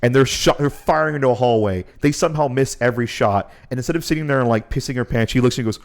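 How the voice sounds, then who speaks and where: A man co-hosts a podcast, rambling through a casual, profane recap of a game. He swears freely and breaks into laughter often. His voice sits at an ordinary middle pitch. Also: fast, few pauses. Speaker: podcast co-host.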